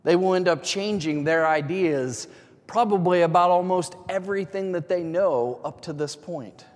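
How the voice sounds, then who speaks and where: A pastor with a high but darkish voice preaches a sermon at a moderate pace in a church sanctuary, keeping it conversational. He asks lots of questions and chuckles lightly, and the large hall gives a long reverb.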